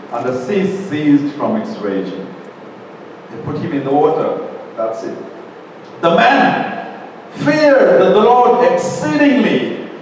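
High-pitched male preacher, slow and emphatic, mic far away with faint room noise. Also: darkish tone. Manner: slow, emphatic delivery with dramatic voiced quotes. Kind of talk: sermon. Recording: echoey hall, mic far off, faint ambience.

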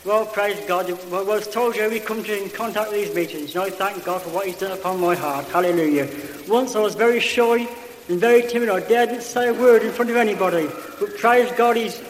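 A man's voice: high-pitched, fairly quick. English bloke giving his church testimony, lots of hallelujahs, long hall reverb. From England. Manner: plain, homely, punctuated by hallelujahs. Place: large hall. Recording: echoey hall with faint hiss.

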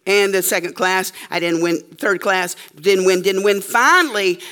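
A woman's voice: medium pitch, measured pace, fairly bright tone. A woman preacher telling a story in a sermon to a live audience, emphatic and checking in with her listeners often.

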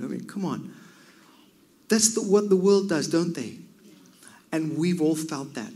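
A man preaching a sermon, swinging from loud cries down to near whispers. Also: on the high side, a little slow, long pauses.

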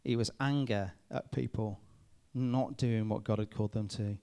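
Lively youth pastor, smooth voice. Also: male voice, on the low side, normal speed. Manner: lively, addresses the group with frequent "okay?" checks. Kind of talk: youth talk. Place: room with a live youth audience.

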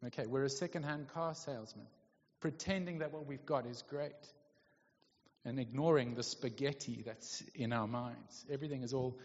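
A man gives a sermon in an easygoing, chatty manner, frequently stopping to connect with the people listening. The church hall echoes at length around his mid-pitched voice, and the recording is lo-fi and dull with a darkish tone.

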